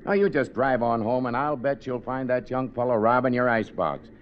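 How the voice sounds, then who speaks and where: An actor playing a blunt Air Force sergeant in a 1950s radio drama. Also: male voice, medium pitch, a little fast, a little hiss or hum, lightly acted. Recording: dull lo-fi old radio recording.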